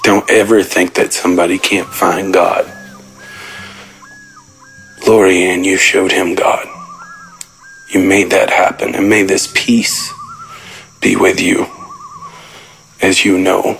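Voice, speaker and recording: A man's voice: deep voice, flat delivery, slow, creaky, long pauses, a bit bright, soft background music, poor audio. A man calling in to pray aloud, solemn and emphatic. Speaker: caller. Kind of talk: spoken prayer.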